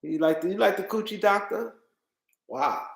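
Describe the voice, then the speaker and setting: A man's voice: high voice, expressive, normal speed, vocal fry. Tired, rambling man in an echoey room. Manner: loose, rambling, talks to chat, repeats himself. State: tired, yawning. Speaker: livestream host. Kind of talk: casual livestream chat.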